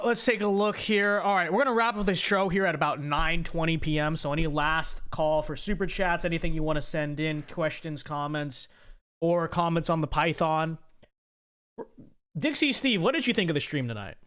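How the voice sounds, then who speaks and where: A man's voice: on the high side, animated, moderate pace, fairly bright tone, smooth. Stammering man hosting a livestream. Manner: stammering repeats, frequent tag "okay?". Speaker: livestream host. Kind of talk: casual livestream chat reading super chats.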